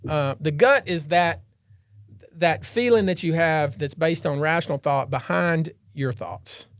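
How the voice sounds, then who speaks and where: A man hosting a podcast, a trial lawyer telling a story in an animated, dramatic way and acting out the scenes. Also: a little high, measured pace, dry recording, clean studio sound. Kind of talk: casual storytelling chat.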